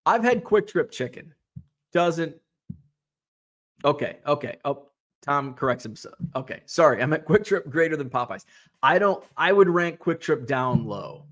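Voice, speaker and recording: A middle-aged man hosts a relaxed live stream in a fairly high voice. He reads out viewer comments and chats back in an easy, animated way. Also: a little slow. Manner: chatty, animated, reads comments aloud and reacts. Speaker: host.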